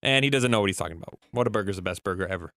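A man co-hosting a sports radio show, animated and playfully complaining on a studio mic. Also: low-pitched, rapid-fire, dry recording. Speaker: radio co-host and executive producer. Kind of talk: casual sports radio chat.

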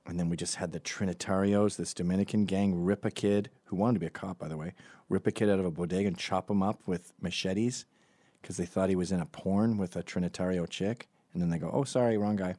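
A man's voice: deep voice, darkish tone, no echo. A middle-aged man hosting a comedic opinion monologue, sardonic and profane, often mocking people in put-on voices. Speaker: commentary show host.

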